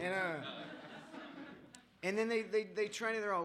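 A man's voice: sits high, fairly even intonation, normal speed, long pauses, crowd noise. A man sharing his own story with a group at a recovery meeting. He rambles and mocks himself, with many fillers and chuckles.

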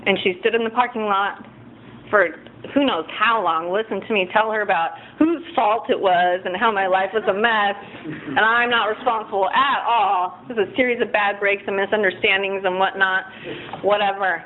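A woman speaking at a recovery meeting, telling her own story in a candid, self-mocking way, with halting restarts and fillers. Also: mid-range voice, steady tone. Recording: phone-like thin sound with faint room noise.

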